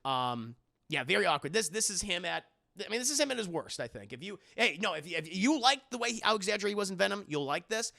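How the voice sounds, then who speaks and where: A gravelly-voiced man, pitched a bit above the usual male register, reviews a movie on a live stream with a bright, edgy sound, talking fast with big swings in pitch. He meanders and repeats his own points, swearing liberally while replying to chat.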